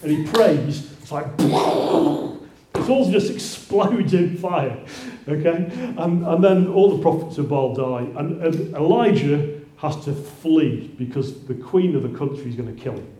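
A man's voice: a little high, lively intonation, measured pace, dark tone, a little hiss or hum. A man preaching a sermon in a church. He talks conversationally, restarts often and rises into exclamations. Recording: roomy echo.

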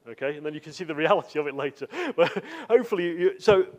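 Guy preaching at church, kinda high voice, chatty, lots of ums and asides. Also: expressive, fast talker. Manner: conversational, with frequent fillers and asides. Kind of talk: sermon.

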